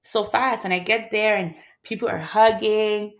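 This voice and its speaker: A woman in her thirties from Montreal, telling a personal story as an interview guest in an emotional, halting way, restarting her sentences and acting out other people's voices. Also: mid-range voice, steady tone. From Montreal, Canada.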